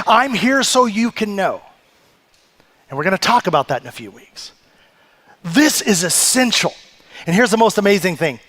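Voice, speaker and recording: A male pastor with an unusually high-pitched voice delivers a sermon. He speaks slowly and deliberately. He leans hard on rhetorical questions and long pauses for emphasis. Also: fairly bright tone.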